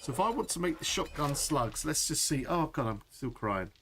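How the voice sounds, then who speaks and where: A man's voice: fairly high pitch, big pitch swings, moderate pace, fairly bright tone, a little hiss or hum. A middle-aged man chatting through a live gameplay stream, laughing often and answering chat. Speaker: game streamer.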